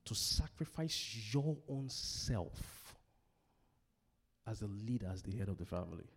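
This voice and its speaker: With a husky voice and very lively, swooping pitch, this middle-aged African pastor delivers a sermon on relationships at a somewhat slow pace. He's emphatic, driving points home through repetition and asking the listeners questions to answer.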